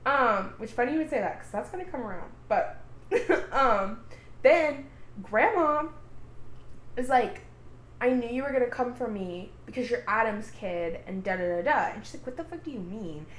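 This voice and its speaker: A woman's voice: a little high, normal speed, roomy sound. A woman co-hosting a podcast, casually recapping a TV plot, swearing freely and acting out the characters' lines. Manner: animated, swearing, acts out quotes. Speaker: podcast co-host.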